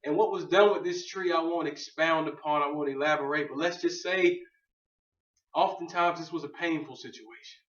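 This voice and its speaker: A man's voice: a little high, steady tone, normal speed, fairly bright tone. A man gives a loose, joking faith talk to a group and wanders off on tangents. His voice is heard from a distance in an echoey room. The sound is dull. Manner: keeps saying "you know what I'm saying". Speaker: speaker on faith. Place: room with an audience.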